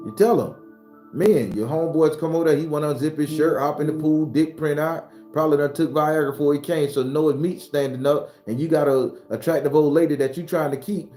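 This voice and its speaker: A man delivers an unscripted spiritual talk, blunt and full of profanity. His voice is mellow and dark, and it jumps higher and louder when he gets worked up. The room is echoey, with faint music behind him. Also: brisk. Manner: gets loud and high-pitched when fired up. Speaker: spiritual teacher.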